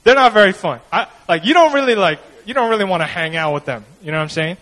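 A young male pastor giving a casual, conversational sermon. His voice sits unusually high for a man and moves a lot in pitch. He slips into quoted voices and asks the crowd "you know what I mean?". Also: animated, fast talker, fairly bright tone, poor audio.

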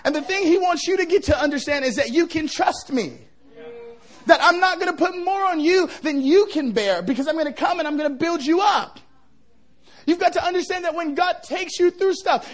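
A middle-aged male pastor preaching a revival sermon, joking with the crowd and building to shouts. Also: very high-pitched.

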